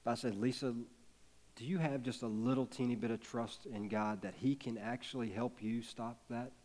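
A man's voice: mid-range voice, steady tone, moderate pace, darkish tone. Earnest man preaching a sermon. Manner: earnest storytelling, building to emphatic peaks. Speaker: pastor.

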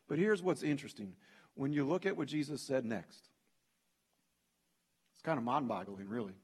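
A pastor preaching a sermon in an emphatic, conversational way, often addressing the congregation directly. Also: male voice, medium pitch, expressive, moderate pace, long pauses, breathy edge. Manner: conversational preaching, emphatic, frequent "hey" and "you know".

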